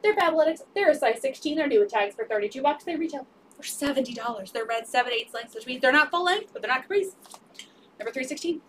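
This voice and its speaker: Captured from afar with a little background noise, a resale seller pitches secondhand clothing live in a high voice. She talks quickly with lively intonation, cheerfully repeating item numbers, prices and sizes.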